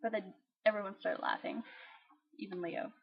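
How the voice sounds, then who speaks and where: A woman's voice: mid-range voice, fairly even intonation, normal speed, gravelly, breathy edge, dry recording. Young woman vlogger, bubbly storyteller, muffled lo-fi webcam sound. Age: young adult. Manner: bubbly, acts out voices of others. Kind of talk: casual storytelling vlog. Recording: dull lo-fi webcam audio.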